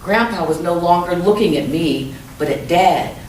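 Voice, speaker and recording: A woman author reading a chapter of her young adult novel aloud at a measured, soft-spoken pace. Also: on the low side, lively intonation, slight background noise. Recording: echoey room, mic far off.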